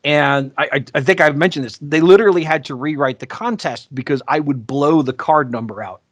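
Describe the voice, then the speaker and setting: A man co-hosting a podcast, telling sales stories in a casual, animated way and acting out the people he quotes. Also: fairly high pitch, a little fast, dry recording. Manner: animated, acts out quoted voices. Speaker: podcast co-host. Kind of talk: casual storytelling chat.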